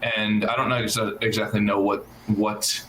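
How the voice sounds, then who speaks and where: Low, hesitant man in an echoey room. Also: flat delivery, normal speed, fairly bright tone, slight background noise. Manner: hesitant, fills with "like" and "um", short affirmations. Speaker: podcast co-host. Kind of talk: casual chat.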